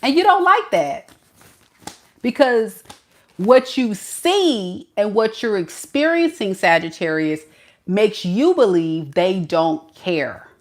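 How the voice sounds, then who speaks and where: A woman giving an animated tarot reading, often laughing and acting out what the other person is thinking. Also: mid-range voice, slow. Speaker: tarot reader.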